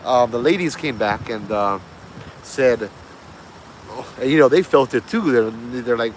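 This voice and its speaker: A man's voice: medium pitch, a little slow, slight background noise, rough recording. Guy, middle-aged, rambling through a spooky story, faint crickets in the background. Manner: easygoing, rambling with fillers and self-corrections. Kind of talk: casual ghost-story telling.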